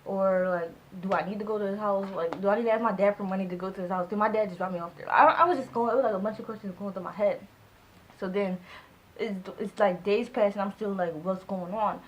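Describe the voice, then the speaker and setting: A young woman in her twenties tells a personal story to her viewers, loose and chatty. She acts out the back-and-forth of old conversations and leans on "like" between thoughts. Her voice sits at an ordinary middle pitch. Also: fast, dull audio, slight background noise. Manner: animated, acts out both sides of conversations; heavy use of "like" as filler. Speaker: vlogger. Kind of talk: casual storytime.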